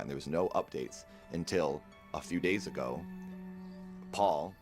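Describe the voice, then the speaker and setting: A man's voice: a bass voice, moderate pace, music in the background. A man speaking earnestly and somberly in a personal video, reflecting on someone he knew. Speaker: youtuber.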